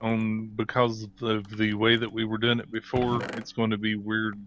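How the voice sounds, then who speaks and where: A man's voice: fairly low pitch, completely flat delivery, normal speed, a bit bright, lo-fi sound, a little hiss or hum. A man chatting as a co-player in a game stream, giving brief agreeable replies. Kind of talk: casual chat.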